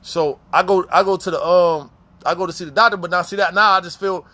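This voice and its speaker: Slangy, animated man telling stories. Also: sits high, brisk. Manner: animated, profane slang, frequent restarts and repeats. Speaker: former inmate telling prison stories. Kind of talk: casual storytelling.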